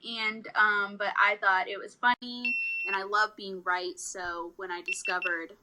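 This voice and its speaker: A woman's voice: mid-range voice, unhurried, very noisy. A woman co-hosting a casual podcast chat, telling stories animatedly and acting out the quotes. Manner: animated storyteller, acts out quotes. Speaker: podcast co-host.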